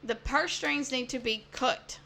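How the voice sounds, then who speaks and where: A woman's voice: sits high, measured pace, gravelly, sharp tone, slight background noise. A woman co-hosting a podcast, giving blunt opinions in casual chat. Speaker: podcast co-host.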